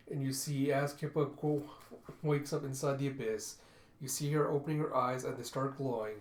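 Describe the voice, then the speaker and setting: A man's voice: medium pitch, fairly even intonation, normal speed. Casual man narrating a comic, echoey room. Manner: casual, chatty, repeats "and you see". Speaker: comic book reviewer. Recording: roomy echo.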